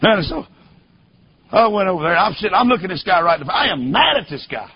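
A man preaching a sermon as a story, emphatic and repeating rhetorical questions to the congregation, at times rising to a shout. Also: high-pitched, big pitch swings, fast talker, vocal fry, slightly rough. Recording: dull lo-fi recording.

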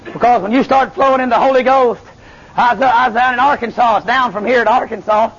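High-voiced revival preacher. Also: male voice, quick pace, slightly rough, highs cut off. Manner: animated, calls to the congregation, Southern. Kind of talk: revival sermon with testimony.

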